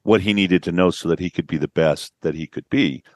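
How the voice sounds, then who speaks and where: A business coach speaks in a low, brisk voice on a podcast interview, recorded dry in studio quality. He tells stories about clients and acts out their quotes with a rising voice.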